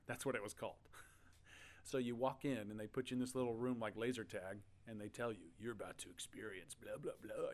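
A male pastor from Oklahoma, animated as he tells a story in his sermon and laughing now and then. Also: medium pitch.

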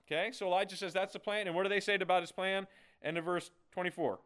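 A man's voice: high voice, fairly even intonation, quick pace, fairly bright tone, smooth. A man preaching a sermon in a playful, conversational way, often checking in with "okay?". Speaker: pastor.

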